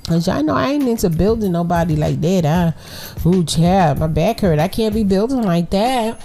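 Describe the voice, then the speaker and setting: A woman from New York hosting a podcast, giving animated, preachy relationship advice in casual slang straight to her listeners. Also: on the low side, moderate pace, creaky, soft background music. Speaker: podcast host.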